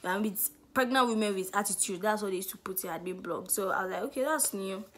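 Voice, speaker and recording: A young Nigerian woman with a Nigerian accent telling a lively story-time vlog, acting out what people said. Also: medium pitch, fast talker, slight background noise. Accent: Nigerian English. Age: young adult. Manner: animated storytelling, acts out quotes. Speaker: student vlogger.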